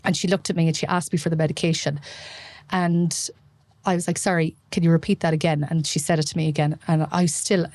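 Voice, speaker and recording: A middle-aged Irish woman, an emergency medicine consultant, telling stories in an animated way and acting out the dialogue as a podcast guest. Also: low-pitched, a little fast, dry recording. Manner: animated storytelling, acts out quoted dialogue. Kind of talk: casual interview chat.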